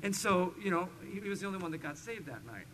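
A middle-aged man preaching a sermon to his congregation. He tells a story with animation, swinging between loud emphasis and hushed asides. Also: high voice, sing-song, fast talker, a little hiss or hum, low-quality recording. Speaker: pastor. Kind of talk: expository sermon with personal stories.

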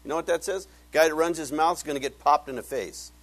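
A man's voice: on the high side, quick pace, a bit bright. An older man giving a casual Bible teaching, telling folksy stories and acting out the voices of the people in them. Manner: folksy storytelling, acts out quoted voices. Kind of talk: casual sermon.

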